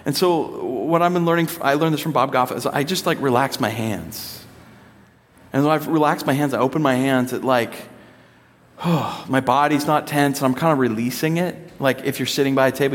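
A man in his thirties preaching to a congregation, telling personal stories in an animated way and acting out his children's voices. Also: mid-range voice, brisk, big-room sound. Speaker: speaker addressing a congregation.

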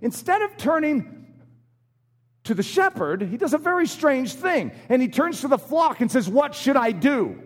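A man's voice: very high-pitched, moderate pace. A man preaching a sermon, acting out short voices in his illustrations. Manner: animated, acts out little voices in his illustrations. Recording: long hall reverb.

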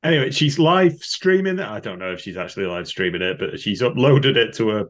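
A man's voice: lowish voice, animated, a little fast. A man co-hosting a podcast, recapping a film plot in casual chat with wry, dry asides. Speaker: podcast co-host.

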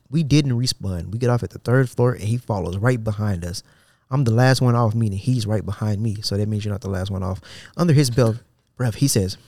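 A man's voice: fairly low pitch, a little mellow, no echo, clean studio sound. Sarcastic man hosting a casual podcast. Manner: sarcastic and incredulous, breaks off reading to mock the poster; loose, slangy delivery with frequent restarts. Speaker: podcast host. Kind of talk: casual podcast commentary, reading out a social media thread.

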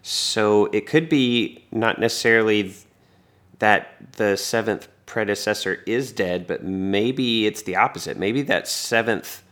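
A man with a fairly low voice talks things through slowly and thoughtfully. He floats theories, pauses and restarts as he works out his ideas. His tone stays calm and conversational throughout. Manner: measured, speculative, thinks aloud with hesitations. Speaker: podcast co-host. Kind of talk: casual chat analyzing anime episodes.

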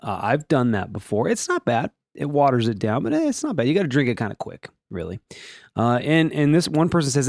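Animated rambling male podcast host. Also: fairly quick, no echo, clean studio sound. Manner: rambling, jokey, animated, swooping pitch. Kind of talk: casual solo podcast chat.

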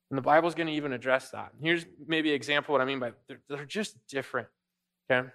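A man's voice: medium pitch, a bit bright. A man preaching a sermon as pastor, in a conversational way with frequent asides to the congregation. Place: church sanctuary.

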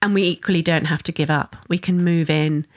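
A woman's voice: low voice, fairly even intonation, fairly quick. A mother and parenting educator giving an earnest, flowing solo talk, often restarting her sentences. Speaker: mother of a young son.

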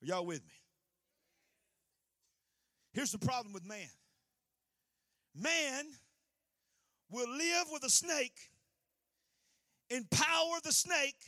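High, bright-voiced preacher man. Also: expressive, slow, long pauses, no room sound, studio quality. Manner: folksy, swings between hushed and loud; repeats "huh?" to the congregation. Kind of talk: sermon storytelling.

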